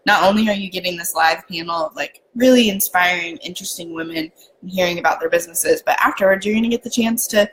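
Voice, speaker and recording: A woman's voice: fairly low pitch, fast, hardly any pauses, slight background noise, rough recording. A woman co-hosting a podcast live stream, talking in an upbeat, encouraging way to viewers. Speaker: podcast co-host. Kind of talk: casual live-stream chat.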